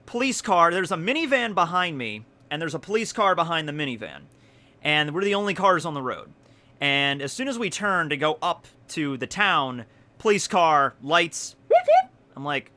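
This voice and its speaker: A man in his twenties, a YouTuber, telling stories casually in an excitable way, swearing often and laughing along. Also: fairly high pitch, moderate pace. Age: 20s. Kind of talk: casual storytelling vlog.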